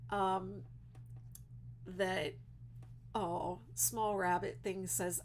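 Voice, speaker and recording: A woman's voice: mid-range voice, steady tone, very slow, a little hiss or hum. A woman crochet designer chatting casually on a livestream, reading viewer comments, teary and emotional with lots of fillers.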